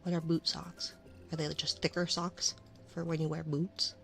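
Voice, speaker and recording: A woman streamer chatting casually in an ASMR stream, rambling and often dropping into a soft whisper. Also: low-pitched, level tone, moderate pace, vocal fry, faint music behind. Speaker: VTuber streamer.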